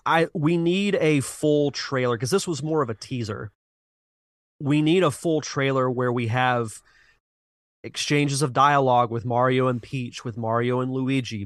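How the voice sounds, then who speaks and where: A man's voice: medium pitch, a bit bright, dry recording, clean studio sound. Rambling man hosting a retro podcast. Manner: earnest, rambling, many restarts and sighs. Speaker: podcast host. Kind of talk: casual chat.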